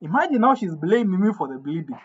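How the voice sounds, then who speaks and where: Husky, high-voiced storyteller. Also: male voice, quick pace. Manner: animated, indignant, stumbling restarts. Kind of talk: comic storytelling. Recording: dull lo-fi recording.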